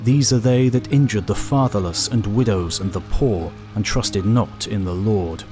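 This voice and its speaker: A man voicing a stern male angel who guides a visitor through hell, speaking in grave, measured pronouncements. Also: fairly low pitch, music in the background, lightly acted. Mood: solemn.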